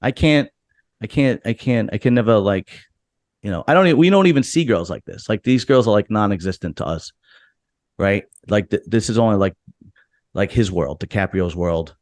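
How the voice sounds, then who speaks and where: A man's voice: on the low side, animated, normal speed, a little mellow, no echo. A man hosting a casual podcast, joking and swearing, with lots of restarts. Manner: loose, swearing, jokey, frequent restarts. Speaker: podcast host. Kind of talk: casual locker room chat.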